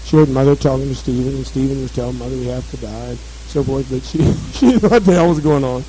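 A man's voice: medium pitch, fast talker, warm tone, slight background noise, poor audio. A man in casual conversation, chuckling as he retells a friend's story. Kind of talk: casual chat.

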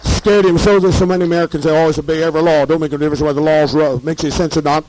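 A high-pitched man with a hoarse edge tells his story in a heated, profane monologue. He piles on curses and repeats phrases as he builds from a grumble to a shout. The delivery is fiery and unpolished. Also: fairly even intonation, rapid-fire, slight background noise, rough recording.

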